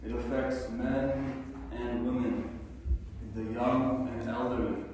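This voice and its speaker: Earnest male speaker at a symposium, measured oratory, recorded from far off in a roomy hall. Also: mid-range voice, level tone, background noise. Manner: measured, earnest oratory with a slow deliberate rhythm. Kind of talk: formal prepared speech.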